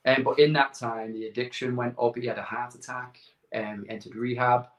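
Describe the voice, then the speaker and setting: A man's voice: mid-range voice, fairly even intonation, normal speed. A middle-aged man telling a personal story in a casual interview, acting out quoted dialogue and repeating words as he goes. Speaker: guest. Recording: echoey room.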